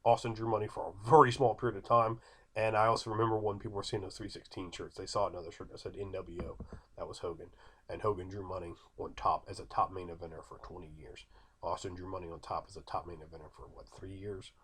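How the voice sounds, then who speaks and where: A man's voice: low voice, flat delivery, quick pace, breathy edge. A man in his thirties giving an opinionated, emphatic commentary, repeating his points and arguing with an imagined viewer. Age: 30s. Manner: emphatic, repetitive, argumentative. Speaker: video creator.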